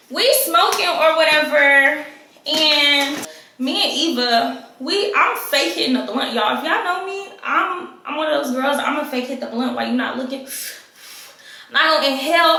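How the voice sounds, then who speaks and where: A young adult woman telling a casual storytime vlog to her viewers in an animated, profane way. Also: high voice, gravelly. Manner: animated, profane, keeps addressing viewers as y'all. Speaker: vlogger. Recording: very echoey room.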